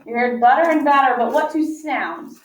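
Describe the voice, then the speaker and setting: A woman teacher leading a phonics lesson for young children, patient and encouraging, stretching out sounds slowly for them to follow. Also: sits high. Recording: echoey, distant, muffled classroom audio.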